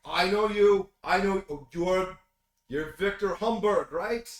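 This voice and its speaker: A man voicing a smarmy, glad-handing male radio pundit who talks loudly and gushes. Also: sits high, slow. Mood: gushing. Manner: loud, gushing, backslapping. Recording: roomy, distant mic, faint noise.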